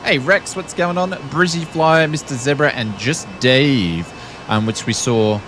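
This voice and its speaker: A man's voice: mid-range voice, unhurried, fairly bright tone, slight background noise. An Australian man streaming a flight sim, chatting casually with jokey, rambling, self-deprecating asides. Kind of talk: casual live-stream chat.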